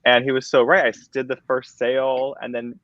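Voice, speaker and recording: A man hosting a casual video chat, talking lively and laughing often. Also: mid-range voice, a little fast, no echo, lo-fi sound. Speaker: host.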